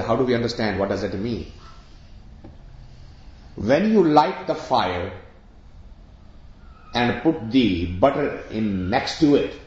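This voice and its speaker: Addressing an audience of about sixty, a male spiritual teacher explains his teaching through questions and ordinary examples. He has a medium-pitched, somewhat dark voice, recorded in an echoey room with dull, lo-fi quality.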